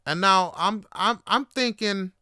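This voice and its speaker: A man's voice: high-pitched, a little slow, smooth, dry recording, studio quality. A young man hosting a podcast, telling a funny personal story in a casual, profane, slang-heavy way. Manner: animated, profane, slangy, lots of fillers. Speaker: podcast host.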